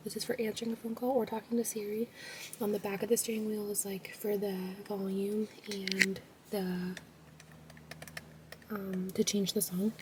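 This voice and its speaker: A young woman giving a soft-spoken ASMR car tour, chatty and full of fillers, often sliding into a whisper and a bit out of breath. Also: medium pitch, distant mic, a little hiss or hum, low-quality recording. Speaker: ASMR vlogger. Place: inside a parked car.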